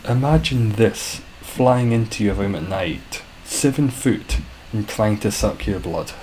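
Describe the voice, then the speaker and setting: A man's voice: lowish voice, unhurried, darkish tone, a little hiss or hum, low-quality recording. A young man streaming a game, chatting casually with viewers in a rambling, self-deprecating way.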